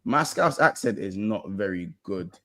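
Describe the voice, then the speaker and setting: A man's voice: on the low side, expressive, a little slow, fairly bright tone, no room sound, studio quality. A young man from London with a London accent, hosting a football podcast in loose, slangy banter full of restarts. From England. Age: young adult. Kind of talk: casual chat.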